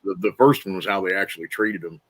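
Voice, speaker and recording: A man's voice: low voice, fast, a bit bright. A man chatting on a livestream, blunt and profane, getting heated as he talks. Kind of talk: casual chat.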